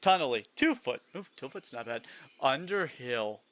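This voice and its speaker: A man's voice: mid-range voice, sing-song, moderate pace, a bit bright. A man live-streaming a game in casual chat, reading lists aloud, musing, and chuckling often.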